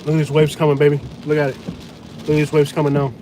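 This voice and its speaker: Blunt, excitable male storm vlogger with a high voice, riding in a truck with rain faintly behind him. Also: fast. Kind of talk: live storm commentary. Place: inside a truck during a hurricane. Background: rain and wind.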